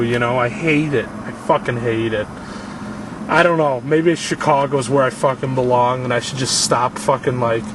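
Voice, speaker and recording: A young man venting in a self-filmed vlog, frustrated and blaming himself, swearing often, recorded in a parking lot. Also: medium pitch. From Illinois. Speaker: vlogger. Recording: distant mic with clear outdoor noise.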